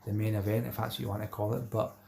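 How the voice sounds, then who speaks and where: A man's voice: lowish voice, flat delivery, fast talker, creaky, a little mellow. A middle-aged Scottish man hosting a live stream, chatting casually with viewers and reading out their comments, repeating himself and calling everyone mate.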